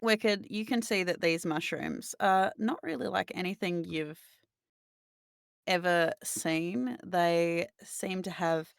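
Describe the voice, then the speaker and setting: Rambling woman game master, low voice. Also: slow pace, vocal fry, clear, resonant tone, dry recording, clean studio sound. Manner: detailed, meandering descriptions full of filler sounds. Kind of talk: narrating a tabletop game.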